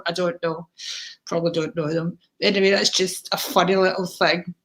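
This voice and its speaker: A woman's voice: lowish voice, fairly even intonation, moderate pace, fairly bright tone. Scottish woman, medium hosting a live stream; chatty, calls viewers darling and sweetheart. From Scotland. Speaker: psychic medium livestream host.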